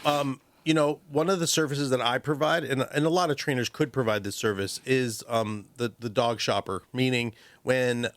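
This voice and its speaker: A man talks through dog training on a radio program, his voice sitting in a middle register. He's animated and chatty, acting out owners and dogs as he goes. The studio sound is close and dry. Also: mid-range voice, normal speed, few pauses, no echo. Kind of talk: radio call-in advice. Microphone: studio microphone.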